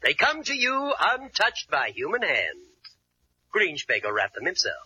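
An actor playing a pompous, scheming middle-aged uncle with grandiose, oily flattery, in 1940s radio acting. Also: male voice, sits high, measured pace, heavily acted. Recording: noisy old radio broadcast.

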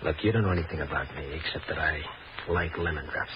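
An actor playing a smooth young male con man with a breezy, slangy way of talking, in 1940s radio acting. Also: extremely low pitch, fast. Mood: laid-back. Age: young adult. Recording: dull hissy old radio broadcast.

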